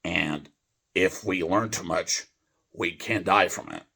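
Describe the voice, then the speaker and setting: A man with a low, husky voice drifts through a rambling deadpan monologue. He speaks slowly, trips over fillers and restarts, and his pitch rises and falls a lot. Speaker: video host reading a poem.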